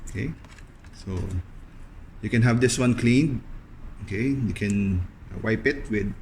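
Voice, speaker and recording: A young man with a lowish voice walks through a hands-on cleaning demonstration. He keeps it casual and unpolished, leaning on "okay" between steps. Faint background noise sits under the voice. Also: gravelly, a little mellow. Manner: loose, fills pauses with frequent "okay". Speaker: video host demonstrating appliance upkeep.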